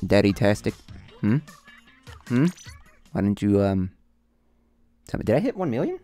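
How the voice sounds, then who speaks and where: A theatrical man commentating his own live game stream. His pitch leaps around a great deal, dropping to mumbles and then jumping into mock-dramatic yells. Faint background music plays under his voice. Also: animated, unhurried, long pauses. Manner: theatrical, swings from mumbling to yelling.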